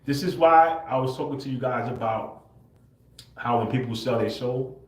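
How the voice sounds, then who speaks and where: A man's voice: mid-range voice, normal speed. A man on a livestream talking straight to his viewers, tagging lines with "bro" and "right?", laughing often and swearing freely. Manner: swears casually. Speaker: livestream host. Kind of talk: casual livestream monologue. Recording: roomy echo.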